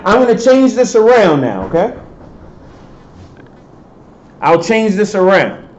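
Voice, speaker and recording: High-voiced man lecturing in an echoey hall. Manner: quizzing, answers his own questions. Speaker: professor. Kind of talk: classroom lecture with questions to students. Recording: echoey lecture hall, dull sound, faint hiss.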